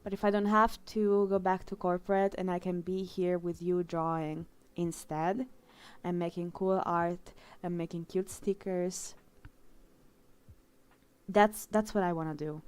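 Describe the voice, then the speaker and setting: Emotional, halting woman art streamer. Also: on the low side, steady tone, a little mellow, clear, resonant tone. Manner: emotional, heartfelt, halting with fillers. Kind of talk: casual live-stream chat while drawing.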